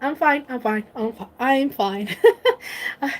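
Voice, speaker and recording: A woman's voice: sits high, a little slow. A woman vlogger chatting casually on a live stream, emotional and tearful, gushing and laughing often.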